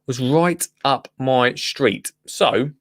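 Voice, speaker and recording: A man's voice: medium pitch, very slow, no room sound, studio quality. A man hosting a gardening show, chatting casually through the news with rambling asides. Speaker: gardening podcast host. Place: radio studio.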